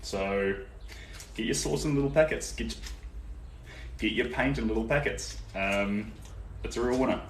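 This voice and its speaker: Chatty New Zealand man, lowish voice, echoey studio. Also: measured pace, long pauses. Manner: relaxed and chatty, many ums, answers viewer comments. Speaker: artist livestreaming a painting session. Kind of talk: casual live-stream chat while painting. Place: indoor art studio. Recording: roomy echo, distant from the mic, faint background noise.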